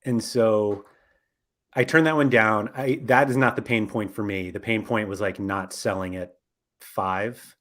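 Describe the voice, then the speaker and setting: A man's voice: fairly low pitch, steady tone, measured pace, a bit bright. A man hosting a casual podcast, talking in a rambling way with lots of fillers and self-corrections. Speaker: podcast host.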